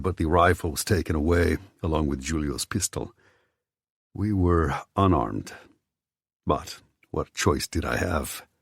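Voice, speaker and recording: A man reads an audiobook in the first person, his voice deep and husky. His telling is tense and inward, with plenty of movement in pitch. The sound is close and dry. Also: dry recording. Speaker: audiobook narrator. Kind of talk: scripted audiobook narration.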